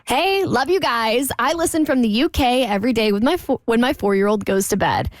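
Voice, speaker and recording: A woman co-host reads a listener's letter aloud on a talk show, lively and chatty. Her voice sits fairly high, and the sound is dry and close with no room around it. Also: fairly quick, dry recording. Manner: lively, chatty, laughs between lines.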